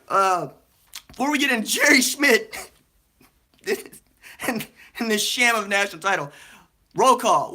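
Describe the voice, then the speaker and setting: Animated, lively male sports streamer. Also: high-pitched. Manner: animated, laughs a lot, rapid shout-outs to chat. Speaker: podcast host. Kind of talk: excitable live-stream sports talk.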